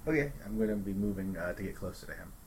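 A man's voice: deep voice, animated, quick pace, darkish tone, slight background noise. A man playing a tabletop game, talking hesitantly with plenty of stammered restarts. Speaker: player.

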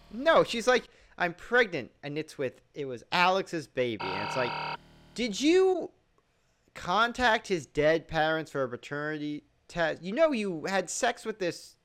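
A man's voice: high voice, huge pitch swings, unhurried, over music. A man rambling casually about a TV series, leaning heavily on "like" and laughing at its plot holes.

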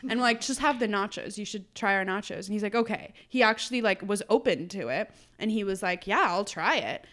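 A woman's voice: medium pitch, fairly quick, few pauses. A woman, a food business co-owner, telling stories in a casual podcast conversation and acting out her customers. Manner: animated storytelling, acts out customer quotes.

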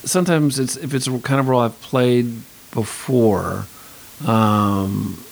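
A man's voice: medium pitch, fairly even intonation, takes it slowly, gravelly, rough recording. A man in his fifties, an actor, talking casually in an interview, rambling with lots of restarts and asides. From United States. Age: 50s. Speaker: actor guest.

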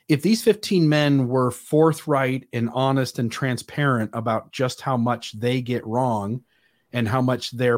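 A man joins a conversational discussion and lays out his case with earnest emphasis. He builds his points in long, piling sentences, leaning on repetition to drive them home. His voice sits at an ordinary middle pitch for a man.

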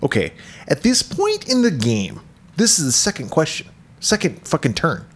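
A man's voice: fairly high pitch, huge pitch swings, normal speed. A middle-aged man co-hosting a podcast, retelling a film's plot in casual, crude, joking chat. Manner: retells plot with crude humor and frequent laughs. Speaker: podcast co-host. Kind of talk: casual movie-recap chat.

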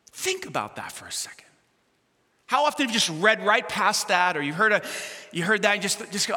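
A male pastor preaching a sermon, swinging from shouts to hushed near-whispers and calling on the congregation to answer back. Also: high-pitched, very animated, brisk. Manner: asks the congregation questions and calls for responses. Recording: long reverb of a big hall.

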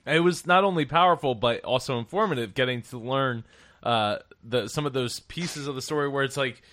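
A man's voice: mid-range voice, fairly quick, fairly bright tone, no echo. A man hosting a podcast over a remote call, chatting in an upbeat, rambling way with lots of restarts. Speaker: podcast host. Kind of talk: casual interview chat. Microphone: remote call setup.

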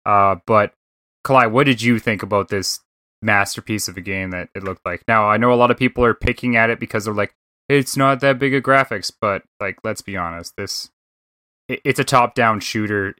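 Casual gaming-show host, male, Canadian accent, bright dry voice, rambling and swearing. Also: fairly low pitch, brisk, no echo. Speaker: podcast host.

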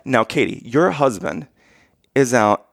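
A man telling a story in casual chat, animated, and often checking in with "okay?" and "right?". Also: medium pitch, measured pace, gravelly, dry recording, clean studio sound. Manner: acts out quoted lines in raised voice.

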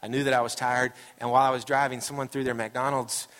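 A man's voice: mid-range voice, little pitch movement, fast, fairly bright tone. Male pastor, casual sermon delivery with acted-out asides; natural mid-range voice, long hall reverb. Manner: casual and storytelling, acting out quoted voices. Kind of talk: conversational sermon. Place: church sanctuary.

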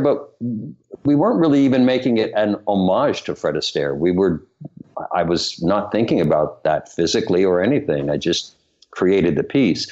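Deep-voiced man telling an animated story. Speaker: guest choreographer and director. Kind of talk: storytelling interview. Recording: muffled lo-fi sound.

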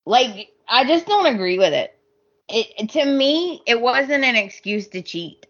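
A woman's voice: on the high side, big pitch swings, unhurried, a bit bright, muffled recording. A woman co-hosting a podcast, chatting casually and getting exasperated, laughing often. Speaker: podcast co-host. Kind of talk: casual chat recapping a soap opera.

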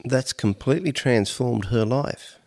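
A man's voice: mid-range voice, unhurried, creaky, a little mellow, no room sound, studio quality. A male interviewer making brief, affirming remarks.

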